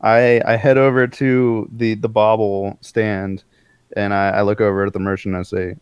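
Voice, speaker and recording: Low, smooth-voiced man playing a tabletop game. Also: normal speed, dry recording, muffled recording. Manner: relaxed, describing actions in first person. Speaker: player. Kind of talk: casual tabletop play.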